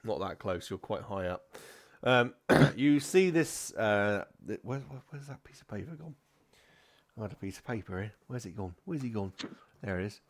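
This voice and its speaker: A man runs a tabletop game, narrating in a rambling way with plenty of fillers and restarts. His pitch moves around a lot, and his voice has a gravelly texture. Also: lively intonation, normal speed. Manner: rambling, with many fillers and self-corrections. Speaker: game master.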